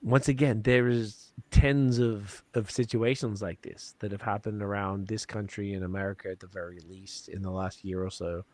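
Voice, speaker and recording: A man's voice: lowish voice, steady tone, normal speed, hardly any pauses, darkish tone, no echo. Profane, rambling podcast host, man. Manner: loose and profane, rambling with lots of fillers. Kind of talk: casual podcast chat.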